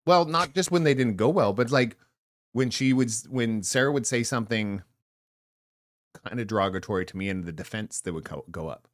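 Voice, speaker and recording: In studio-quality audio with no echo, a middle-aged podcast co-host chats casually in a lowish, animated and brisk voice. He rambles, cracks jokes and frequently leaves thoughts unfinished.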